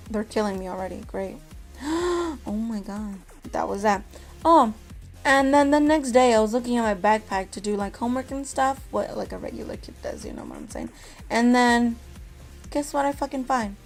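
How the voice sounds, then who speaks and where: Young woman vlogger, slightly high voice, quick swings between loud outbursts and muttering, lots of swearing, faint music under her. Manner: animated, profane, acts out quoted people. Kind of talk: casual storytime vlog.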